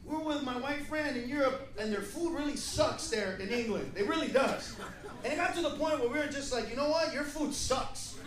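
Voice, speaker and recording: A man doing a stand-up comedy routine, telling stories in a brash, profane way and bursting into shouts. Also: very high-pitched, a little fast, far from the mic. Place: comedy club stage. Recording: echoey club from afar, loud crowd.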